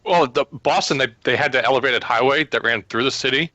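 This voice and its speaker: A man's voice: medium pitch, fast talker, bright, forceful tone, dry recording, lo-fi sound. A man co-hosting a podcast, bantering loosely with a laugh and many "like"s. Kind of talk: casual chat.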